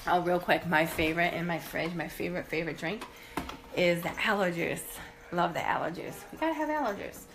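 A woman's voice: on the low side, a little fast. A woman in her thirties giving a house tour while walking room to room, chatty and upbeat, a little out of breath, checking in with "okay?" and "guys" often. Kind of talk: casual product tour talking to camera.

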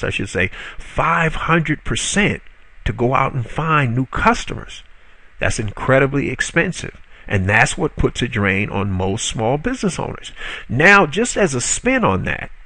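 A man with a gravelly, creaky voice walks viewers through a marketing tutorial, recorded dry with no room sound. He talks casually, stumbles over fillers and corrects himself, and keeps pitching rhetorical questions at the audience. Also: very animated, moderate pace, bright, forceful tone, no echo. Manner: conversational, frequent "uh" fillers and self-corrections. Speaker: online marketing instructor. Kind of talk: spoken video tutorial.

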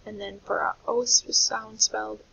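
A woman teacher giving a reading lesson to young children, speaking clearly and slowing down to spell out sounds. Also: on the high side, level tone, fairly bright tone. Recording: dull lo-fi recording with faint hiss.

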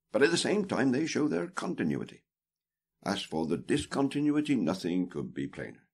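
A man reading a theology book aloud as an audiobook, in a deliberate, emphatic manner that stresses key words. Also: on the low side, darkish tone, husky. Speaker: audiobook reader.

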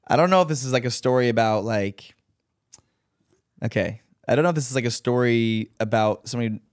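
A man guesting on a podcast, telling lively stories full of fillers and putting on high voices for quotes. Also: brisk, no echo, studio quality. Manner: animated storyteller, acts out quotes in high voices, many fillers. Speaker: podcast guest, professional dancer. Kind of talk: casual chat, storytelling.

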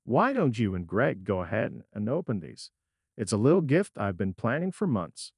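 A cold, bitter husband turned hard and unforgiving, as a male storyteller reads him. His husky voice sits at a middle pitch but swings widely as he cuts in. The sound is close and dry. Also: very animated, moderate pace, no echo, heavily acted. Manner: cold and cutting.

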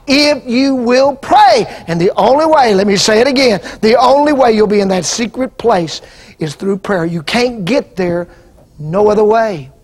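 A male preacher with a strikingly high voice delivers an impassioned sermon. He builds into fervent shouts and leads the congregation in call-and-response. The sound comes from an archival television broadcast. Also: animated, normal speed, slightly rough. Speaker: pastor.

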